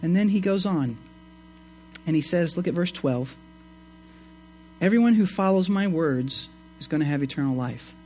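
A man preaching a sermon, reading scripture and explaining it with emphatic rises and quiet asides. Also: normal speed, pauses often, slight background noise. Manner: expressive, swings between emphatic rises and low asides. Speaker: pastor.

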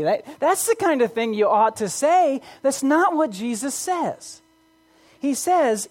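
A woman's voice: sits high, big pitch swings, normal speed. A woman preaching a sermon, earnest, reading scripture aloud and posing rhetorical questions to the congregation.

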